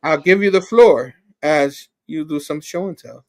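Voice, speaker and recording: A man with a slightly high voice chats on a relaxed podcast, rambling and joking as he talks. His voice is a little hoarse and worn, as if he is losing it. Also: unhurried. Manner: laid-back, jokey, rambling. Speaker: co-host. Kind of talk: casual podcast chat.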